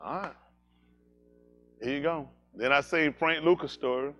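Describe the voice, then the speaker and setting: A man preaching, telling animated, jokey stories and slipping into high-pitched voices for characters. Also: measured pace, a little hiss or hum. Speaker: pastor. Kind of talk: comedic storytelling sermon.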